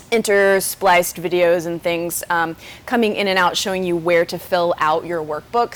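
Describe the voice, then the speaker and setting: A young woman, a French teacher, giving a casual and upbeat beginner lesson in a chatty, informal way. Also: mid-range voice. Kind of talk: casual online language lesson.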